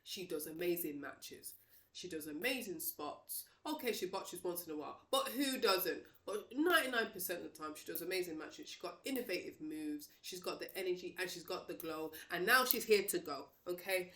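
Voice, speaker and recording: Woman, wrestling commentator, casual monologue, emphatic, lowish voice, roomy echo. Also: fairly quick, hardly any pauses. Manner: animated, emphatic, talks straight to viewers.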